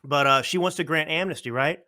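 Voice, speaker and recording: A man's voice: fairly high pitch, brisk, bright, forceful tone. A man hosting a political commentary show, talking bluntly and combatively with lots of rhetorical questions. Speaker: show host.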